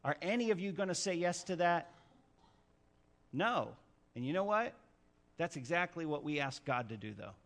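A man preaching a sermon, telling stories with dramatic swings from hushed to loud. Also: a little high, very animated, normal speed, pauses often. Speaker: pastor.

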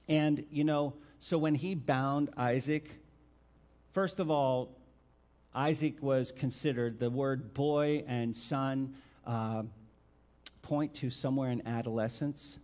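A male pastor preaching a sermon and reading scripture, asking his listeners direct questions and stressing key words by swinging his loudness. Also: fairly high pitch, slow. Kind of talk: expository sermon with Bible reading.

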